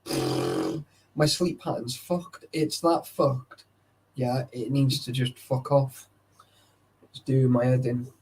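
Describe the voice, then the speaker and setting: Man, young, drowsy, sweary casual chat, warm low tone. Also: a little hiss or hum. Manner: sweary, rambling, greets chatters by name. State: tired and sleepy. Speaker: livestreamer. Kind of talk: casual chat with live viewers.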